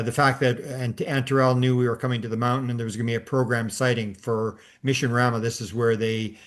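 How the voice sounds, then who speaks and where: An older man hosting a podcast, telling a long story in a casual, rambling way with many restarts and fillers. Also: mid-range voice. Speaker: podcast host.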